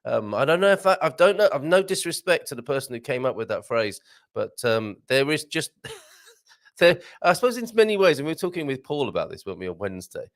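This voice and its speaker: Man, easygoing live-stream host, animated delivery, reads chat aloud. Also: mid-range voice. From Britain. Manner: chatty, rambling, chuckles often, reads comments aloud, tries Portuguese phrases slowly. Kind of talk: casual live-stream chat reading viewer comments. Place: home studio with green screen.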